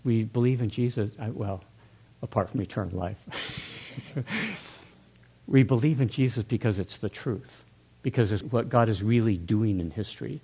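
A man's voice: fairly low pitch, normal speed, mellow, husky. An older man talking earnestly in a church discussion, musing aloud with restarts.

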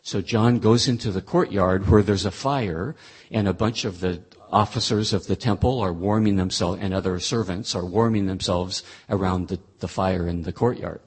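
A man's voice: low-pitched, moderate pace, husky. A man explaining a scripture passage as a Bible teacher, in a thoughtful, conversational way with frequent restarts.

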